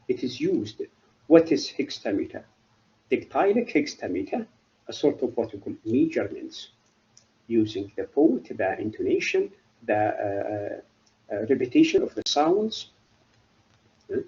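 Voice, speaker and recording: A middle-aged man giving a university literature lecture, halting and often asking then answering his own questions. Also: mid-range voice, mellow, dull audio. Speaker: literature professor.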